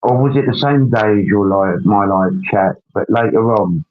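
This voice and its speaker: A man's voice: lowish voice, normal speed, slight background noise. A man hosting a casual livestream chat. He rambles while he works through tasks on screen and tags his sentences with questions. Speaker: livestream host. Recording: dull lo-fi stream audio.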